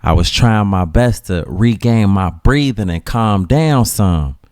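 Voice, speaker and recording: A man with a Chicago accent narrating a dramatic story in a slangy, casual way with dramatic pauses. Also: on the low side, lively intonation, a little mellow, no echo, clean studio sound.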